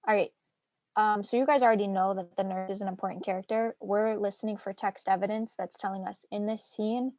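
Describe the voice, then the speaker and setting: A woman's voice: mid-range voice, dry recording. A woman teaching a live online literature class in a casual, encouraging way, with frequent fillers. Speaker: English teacher.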